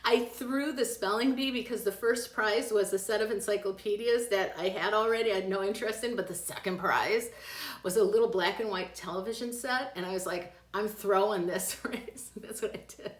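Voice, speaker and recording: Woman in her fifties, psychic live-stream chat, animated and laughing, roomy echo. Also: medium pitch, fairly quick. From American Midwest. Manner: chatty, animated, laughs often. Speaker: psychic doing live tarot readings.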